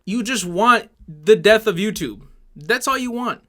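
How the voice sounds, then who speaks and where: A man's voice: sits high, expressive, a little slow, sharp tone. A man delivering an angry, sarcastic YouTube commentary rant, swearing heavily.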